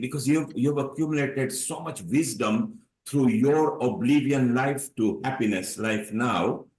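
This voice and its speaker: A man's voice: mid-range voice, reverberant, low-quality recording. A man hosting an online panel, speaking in an effusive, praising manner. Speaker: host. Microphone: video call.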